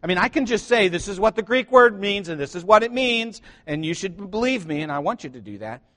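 A man preaching to his church, animated and joking, calling out to the congregation for responses. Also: sits high, brisk. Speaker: pastor. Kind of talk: sermon. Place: church sanctuary.

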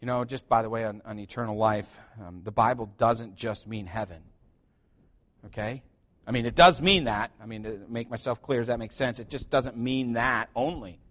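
A man preaching to his church, animated and joking, calling out to the congregation for responses. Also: mid-range voice, normal speed. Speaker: pastor. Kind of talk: sermon. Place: church sanctuary.

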